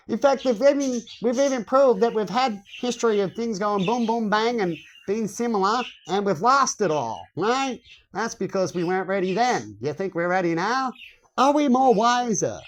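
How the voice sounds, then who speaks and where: A man's voice: high-pitched, a little hiss or hum. A man filming a rambling vlog on his phone, swearing, chuckling and asking viewers rhetorical questions. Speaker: vlogger. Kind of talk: rambling casual monologue to camera.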